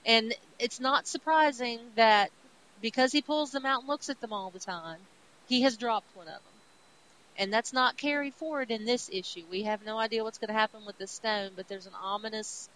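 A woman co-hosting a podcast, casually retelling comic book plots in a chatty, animated way. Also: a little high, moderate pace, poor audio. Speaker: podcast co-host.

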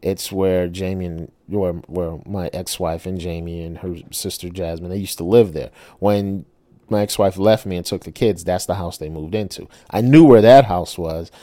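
Man, middle-aged, very low voice, dry close sound, casual storytelling, animated, curses. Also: normal speed, no echo. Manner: animated, swearing, rhetorical asides. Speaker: self-published author telling a personal story.

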